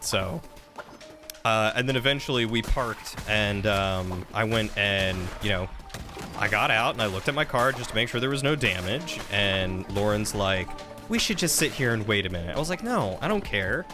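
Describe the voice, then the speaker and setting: A man streaming a game and chatting casually, telling an animated story. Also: moderate pace, music in the background. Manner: animated storytelling, rising pitch when quoting an argument. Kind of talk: casual gameplay stream chat.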